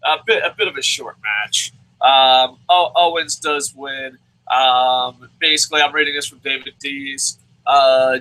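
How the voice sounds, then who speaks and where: A young man giving a sarcastic, profanity-filled wrestling review, breaking into shouted mock voices. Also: mid-range voice, poor audio. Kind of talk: profane comedic rant.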